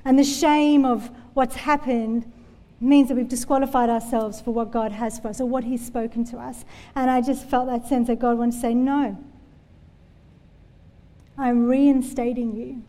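A woman's voice: on the high side, fairly even intonation, moderate pace, mellow. A woman preaching a sermon in a church, telling Bible stories in an earnest, conversational way. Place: church hall. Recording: long hall reverb.

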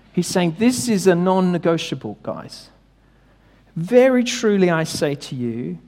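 A high-voiced man preaching to a congregation, casual but emphatic, asking questions and stressing key words. His voice rings out with long reverb through a church hall. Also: a little mellow. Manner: conversational, emphatic, rhetorical questions. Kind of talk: sermon.

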